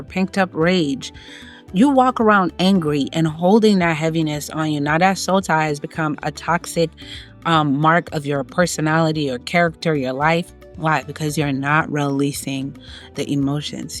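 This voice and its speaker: Emphatic woman giving preachy life advice. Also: sits low. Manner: emphatic, preachy, repeats key phrases, acts out inner voices. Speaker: self-help vlogger. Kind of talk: motivational advice monologue.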